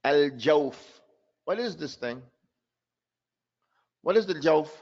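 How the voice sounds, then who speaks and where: A man's voice: fairly high pitch, lively intonation, takes it slowly, lo-fi sound. A man teaching a tajweed class, calling on students by name and switching between Arabic and English. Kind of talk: classroom lesson.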